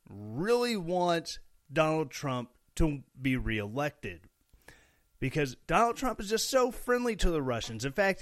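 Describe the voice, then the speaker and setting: A man's voice: mid-range voice, fairly bright tone, dry recording, clean studio sound. A young man from Missouri hosting a casual solo podcast, rambling and joking with sarcastic asides. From Missouri, USA. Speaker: podcast host.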